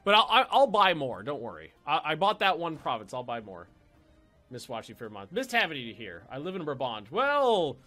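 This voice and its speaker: A man's voice: fairly high pitch, sing-song, normal speed, bright, forceful tone, faint music behind. A man casually commenting as he plays a strategy game on stream, chatty and playful, swearing and repeating himself as he thinks. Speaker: let's play streamer.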